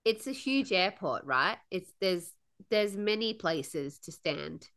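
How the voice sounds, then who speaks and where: A woman co-hosting a podcast, telling travel stories in a lively, laughing way. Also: fairly low pitch, unhurried. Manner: animated, laughs often while telling stories. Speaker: podcast co-host. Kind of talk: casual storytelling chat.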